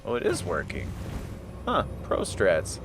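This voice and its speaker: Casual low-voiced man streaming a game. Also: huge pitch swings, measured pace, over music. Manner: loose, swearing, joking with chat; reads item text aloud. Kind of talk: live gameplay commentary.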